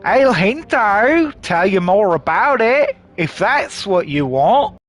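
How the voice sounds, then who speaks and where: A man putting on a gruff fake-Australian brute. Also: high voice, very animated, slow pace, a bit bright, soft background music, voice pushed up, heavily acted. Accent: put-on Australian. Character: bald, brutish male guard with a hammer.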